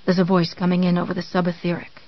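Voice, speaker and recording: A reader voicing a weak, drugged, injured man with a quiet, croaking, slurred voice, in a dull audiobook recording. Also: medium pitch, completely flat delivery, quick pace, natural voice. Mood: weary.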